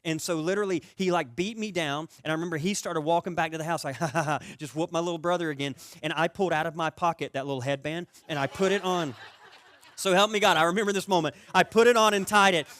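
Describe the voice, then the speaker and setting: Fast-talking, with a slightly high voice, a man preaches a sermon as a pastor, chatting with the congregation, posing questions, and acting out tales from his childhood. He grows louder and livelier in the anecdotes; the recording is dry.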